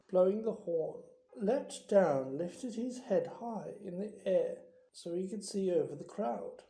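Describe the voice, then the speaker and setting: Slow, mellow storybook reader. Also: medium pitch. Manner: slow and unhurried. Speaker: audiobook reader. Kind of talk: storybook narration. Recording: roomy echo.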